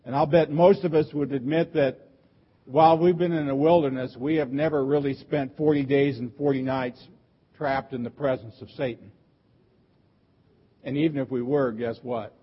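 A pastor delivering a sermon, earnest and emphatic, with repeated rhetorical questions. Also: male voice, mid-range voice, fairly even intonation, normal speed, husky, highs cut off.

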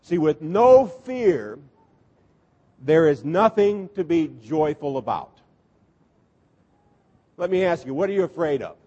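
A man's voice: fairly high pitch, slow pace, pauses often, husky, in a large hall, dull audio. A man, a Lutheran pastor, preaching a sermon in a storytelling way, acting out the people in the story with humor. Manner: storytelling, animated, acts out voices with humor.

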